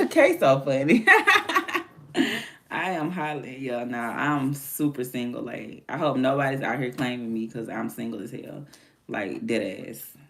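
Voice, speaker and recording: A woman's voice: very deep voice, moderate pace, creaky. A woman hosting her own stream, chatting candidly and animatedly in casual slang. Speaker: livestream host. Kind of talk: casual chat.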